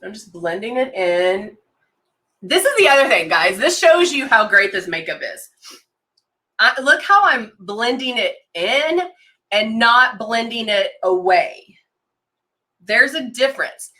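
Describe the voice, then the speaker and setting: A woman with a high-leaning voice full of big pitch swings, pushed and bright, speaks at a measured pace while hosting a live makeup demo. As a consultant, she chats eagerly and casually and reads viewer comments out as she goes.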